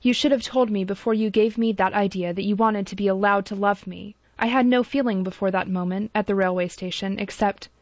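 A proud, clever young woman speaks with quick, cutting wit, read in a storybook audiobook by a woman narrator. Her voice sits at a middle pitch. The recording is dull and dry. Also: steady tone, dry recording, lightly acted. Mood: reproachful. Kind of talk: audiobook character reading.

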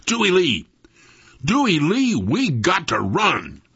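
A man voicing a frightened boy who tries to sound brave, with a high, urgent, breathless voice in a told story. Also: wildly swooping pitch, takes it slowly, a bit bright, breathy edge, dry recording, muffled recording, exaggerated voice. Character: scared boy trying to act brave.

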